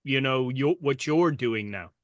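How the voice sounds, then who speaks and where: A man's voice: mid-range voice, measured pace, dry recording, studio quality. A man hosting a casual interview, enthusiastic and restarting his questions as he goes. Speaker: podcast host.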